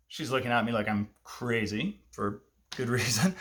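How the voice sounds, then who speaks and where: A man in his fifties telling a personal childhood story, lively and self-amused, with asides to the listener. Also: medium pitch, moderate pace. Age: 50s.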